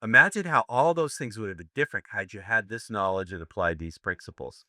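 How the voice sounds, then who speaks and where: A man's voice: fairly low pitch, fairly quick, sharp tone, no echo, studio quality. An older American man giving a live seminar lecture, brash and profane, joking with his audience. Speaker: seminar instructor.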